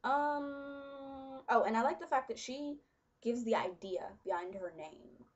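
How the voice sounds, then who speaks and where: A young woman chatting casually to her webcam, full of fillers and quick laughs. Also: high voice, lo-fi sound. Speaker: vlogger. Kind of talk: casual chat.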